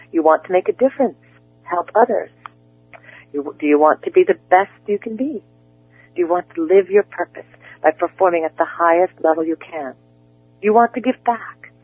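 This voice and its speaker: A man leading a group coaching call, talking listeners through a guided visualization in a soft, unhurried way. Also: high-pitched, slightly rough. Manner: soft, slow guided-imagery delivery. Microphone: telephone. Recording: tinny phone line.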